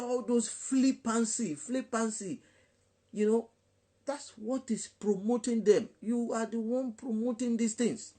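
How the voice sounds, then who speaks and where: A man's voice: very high voice, fairly even intonation, unhurried, dark tone. A man with a Nigerian English accent, a gospel DJ talking on a live online chat in an emphatic preaching style, repeating words and slipping into Pidgin.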